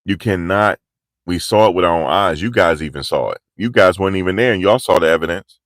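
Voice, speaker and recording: A man's voice: deep voice, a little fast, a bit bright, dry recording. A man giving live, slangy street commentary outdoors in cold, rainy weather, pushing his energy up as he talks. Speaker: vlogger.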